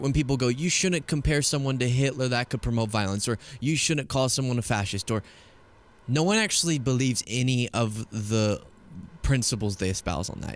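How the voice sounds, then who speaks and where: A man hosts a casual political commentary stream in an emphatic, argumentative tone. He leans into sarcasm as he builds his case. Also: medium pitch.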